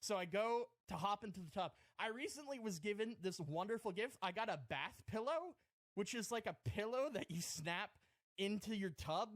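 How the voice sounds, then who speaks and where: High-voiced man telling a rambling story. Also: expressive, normal speed, no room sound. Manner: rambling, self-mocking, frequent laughing asides. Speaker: podcast host telling a story. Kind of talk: casual comedic storytelling.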